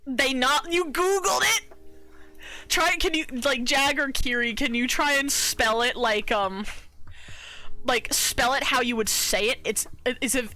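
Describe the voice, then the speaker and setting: A woman's voice: high-pitched, a little slow, bright, forceful tone, faint music behind. A young woman streaming while she draws, chatting casually in a bubbly, giggly way and sometimes muttering to herself.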